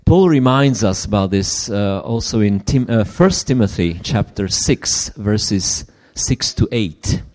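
A man preaching a sermon in English, which is not his first language. He speaks earnestly, often restarts, and drops to hushed asides. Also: lowish voice, expressive, slow pace.

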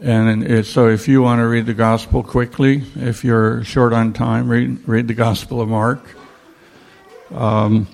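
A man teaching a Bible study in a slow, reflective way, pausing with fillers as he reads and explains scripture. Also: medium pitch, little pitch movement, creaky, darkish tone, soft background music.

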